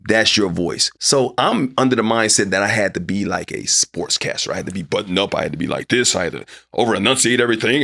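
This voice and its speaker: A man's voice: sits low, creaky, a bit bright. A man being interviewed as a guest, speaking candidly and conversationally and acting out people's voices as he tells his stories. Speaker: guest, sportscaster. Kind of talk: casual interview storytelling.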